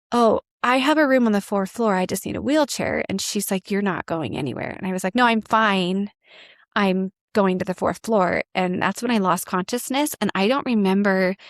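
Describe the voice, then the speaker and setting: A woman in her thirties tells a personal story as a podcast guest. She speaks candidly, rambling with fillers and restarts, in a medium-pitched voice. The sound is dry and close. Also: no room sound.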